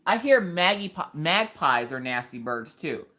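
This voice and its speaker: A woman hosts a relaxed craft livestream, chatting with her viewers. Her voice sits a little low but leaps up and down with big, animated reactions. She jokes and laughs easily as she reads their comments aloud. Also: measured pace. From Pennsylvania. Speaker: livestream host. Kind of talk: casual livestream chat reading comments.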